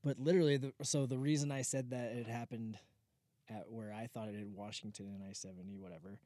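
A man's voice: medium pitch, steady tone, fairly quick, mellow, no room sound. A man co-hosting a podcast, chatting casually and telling stories with an easygoing, slightly sarcastic manner. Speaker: podcast co-host, drone videographer. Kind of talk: casual chat.

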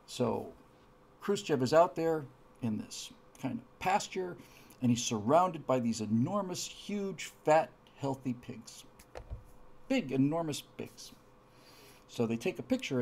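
A man hosting a history talk, an animated storyteller who acts out the punchlines. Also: medium pitch, creaky, breathy edge. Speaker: podcast host telling historical jokes. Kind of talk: storytelling lecture.

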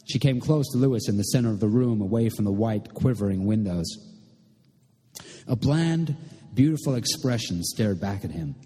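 A man reading a novel aloud in a measured, literary way. His voice is low, husky and mellow. A long hall reverb trails after his words. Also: animated. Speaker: narrator. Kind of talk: audiobook narration.

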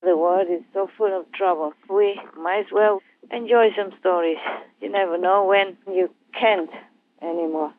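A woman speaking as a spiritual teacher, talking gently and in a rambling way with hesitations. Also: medium pitch, fairly even intonation, normal speed, no echo. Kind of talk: casual talk over a phone line. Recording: tinny phone line, dry.

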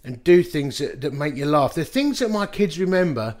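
A man in his fifties preaching a quick-fire sermon as a pastor, telling self-deprecating stories and chuckling along the way. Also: a little high, lively intonation, darkish tone.

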